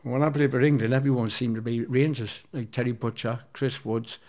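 A man's voice: medium pitch, steady tone, fairly quick, a little mellow. A man in his fifties, a guest in an interview, telling casual stories in a rambling way with heavy swearing and frequent restarts. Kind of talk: casual anecdotal storytelling.

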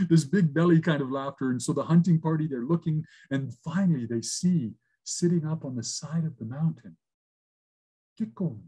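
A man from Canada telling a traditional story over a video call, rhythmic with repeated phrases and slow pauses. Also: fairly high pitch, mellow, slightly rough.

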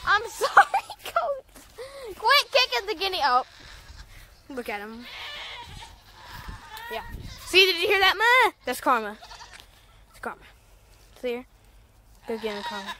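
A woman's voice: high-pitched, big pitch swings, unhurried, pauses often, sharp tone, a little hiss or hum. A young woman chatting casually in a farm vlog, rambling and giggling with lots of filler words. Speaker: farm vlogger. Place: outdoors on a farm with animals.

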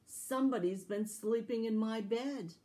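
A woman doing a loud, gruff papa bear. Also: a little high, unhurried, natural voice. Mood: grumbling. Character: big gruff father bear.

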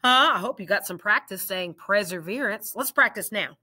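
A woman teacher leading a children's reading lesson, drawing out each word slowly and praising the learners warmly. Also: medium pitch, animated, breathy edge. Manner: slow, drawn-out word drills with encouraging praise.

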